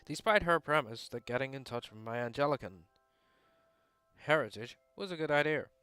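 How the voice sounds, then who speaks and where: A man's voice: medium pitch, animated, moderate pace, bright, forceful tone, clean tone, no echo, soft background music. Rambling young man reading a game. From England. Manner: rambling, casual, mildly sweary asides. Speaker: game streamer. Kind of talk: reading a visual novel aloud with commentary.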